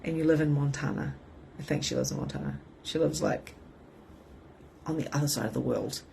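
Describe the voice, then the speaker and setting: A middle-aged woman, a spiritual coach, talking casually to her viewers in an animated way, often laughing and swearing. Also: sits low, brisk, gravelly, slight background noise. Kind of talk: casual livestream talk to viewers.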